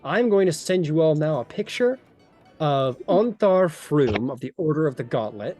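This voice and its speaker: A man's voice: on the high side, expressive, moderate pace, mellow, faint music behind. A man running a tabletop game as game master, rambling and descriptive with many fillers.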